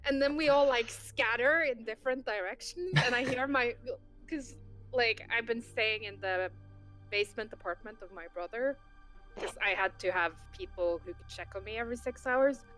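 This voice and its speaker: A woman's voice: fairly high pitch, moderate pace, fairly bright tone, soft background music. A woman telling a story in casual chat, full of filler words. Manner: chatty, many filler "like"s. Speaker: tabletop game player.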